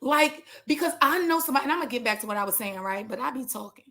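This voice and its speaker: Woman, fairly high voice, casual advice talk, animated, slangy, digressive, trichologist. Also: brisk. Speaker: trichologist giving business advice.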